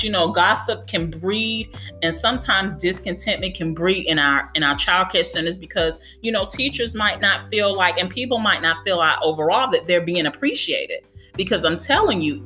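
A woman's voice: on the low side, bright, forceful tone. A woman hosting a podcast for childcare educators, talking in an earnest, encouraging way and often saying "you know.". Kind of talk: conversational advice monologue.

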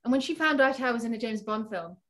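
An actress being interviewed, chatty and animated, laughing often as she tells an anecdote. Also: fairly high pitch, fast. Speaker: actress guest. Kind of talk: casual interview chat.

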